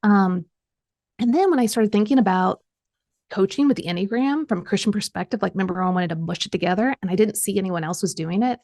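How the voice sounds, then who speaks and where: A woman's voice: mid-range voice, fairly quick, a little mellow. A middle-aged woman, a coach guesting on a podcast, telling a personal story with animation and acting out the voices she quotes.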